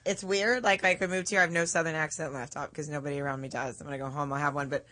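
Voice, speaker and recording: A woman co-hosting a radio show, chatty and quick to laugh. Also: deep voice, steady tone, pushed and bright. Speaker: radio co-host. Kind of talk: casual radio banter.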